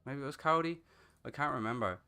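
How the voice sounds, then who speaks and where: A man in his thirties with an Irish accent, chatting casually and crudely while streaming a game, swearing often and breaking into loud laughs. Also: mid-range voice, fast talker, clean tone. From Ireland. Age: 30s. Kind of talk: casual chat while gaming.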